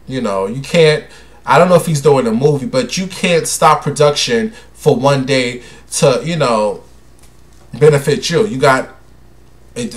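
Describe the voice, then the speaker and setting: A young man hosting his own show, chatting casually and dramatically, calling listeners honey and baby. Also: medium pitch. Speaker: host. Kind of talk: casual solo chat.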